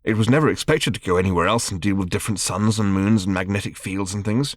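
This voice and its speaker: A man's voice: lowish voice, quick pace, dry recording, studio quality, natural voice. A man voicing a mild, bewildered middle-aged father who explains things hesitantly and gets flustered. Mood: patient.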